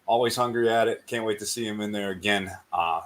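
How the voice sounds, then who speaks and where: A man's voice: on the low side, a little fast, fairly bright tone, a little hiss or hum, poor audio. Man steadily recapping fights. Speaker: co-host and fight commentator. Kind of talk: casual chat recapping fights.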